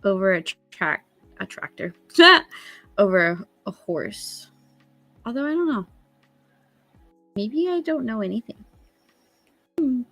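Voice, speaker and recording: A woman's voice: fairly high pitch, sing-song, takes it slowly, pauses often, fairly bright tone, no echo, soft background music. A woman chatting casually on a live stream as a guest, playful and giggly, teasing her viewers.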